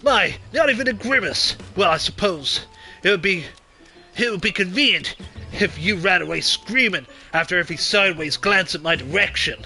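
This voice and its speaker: A man's voice: sits high, animated, normal speed, sharp tone, soft background music, heavily acted. A man voicing a sleazy clownish demon. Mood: theatrical. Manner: sleazy put-on accent, theatrical and wordy. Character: sleazy male voidsent demon posing as a clown.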